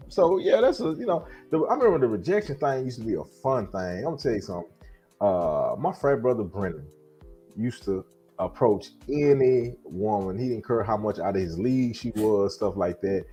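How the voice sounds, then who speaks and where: A man's voice: lowish voice, normal speed, faint music behind. A middle-aged man, telling stories in casual chat and acting out quotes. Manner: animated storyteller, acts out quotes.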